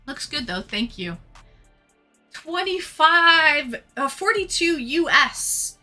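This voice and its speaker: Canadian woman streamer with a bright tone, chatty and slow-paced, reading viewer chat with faint music underneath. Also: sits high, very animated. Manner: chatty, reads out viewer comments and thanks them. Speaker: live stream host. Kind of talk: casual live chat with viewers.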